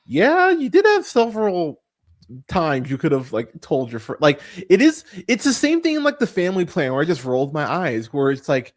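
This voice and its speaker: A man hosting a casual movie podcast, rambling and swearing freely, full of fillers and restarts, and turning animated when he mocks what he saw. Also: fairly high pitch, normal speed. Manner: animated when mocking characters. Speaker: podcast host. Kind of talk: casual movie review chat.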